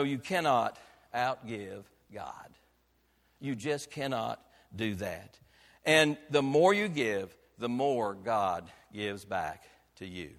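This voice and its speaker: A man preaching a sermon as pastor, emphatic, with rhetorical questions, swinging between loud declarations and quiet, earnest passages. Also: on the low side, long reverb tail. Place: church sanctuary.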